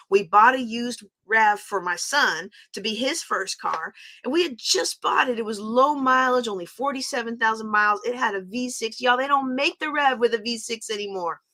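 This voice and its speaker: A middle-aged woman hosts a casual livestream, telling a personal story candidly and with open emotion. Her voice sits on the high side, bright and forceful.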